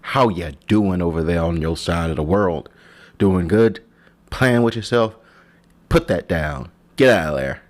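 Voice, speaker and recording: A man's voice: low voice, animated, a little slow, long pauses. A man hosting his own solo podcast, talking in a rambling, joking way that often breaks off and restarts. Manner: rambling, joking, self-interrupting. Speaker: podcast host. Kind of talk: casual solo podcast monologue.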